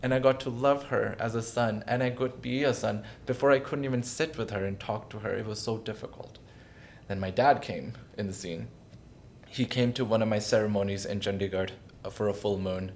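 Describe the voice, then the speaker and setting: A man's voice: lowish voice, fairly quick, slight background noise. A man in his thirties, a podcast guest, telling a personal story in an earnest, emotional, reflective way. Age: 30s.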